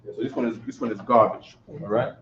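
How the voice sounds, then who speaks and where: A quick-paced man with a fairly low, steady voice and a New York accent teaches a lecture. Conversational and repetitive, he often tacks on "right?" to check understanding. Expect a dull, lo-fi recording with echo from the room.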